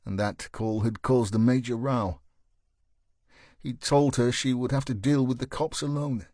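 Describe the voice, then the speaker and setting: A man narrating a thriller audiobook in a measured, even way. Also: medium pitch, no echo, studio quality.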